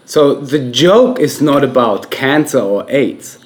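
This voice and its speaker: A man co-hosting a casual podcast, earnestly explaining his view with halting restarts. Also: mid-range voice, lively intonation. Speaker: podcast co-host. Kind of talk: casual chat.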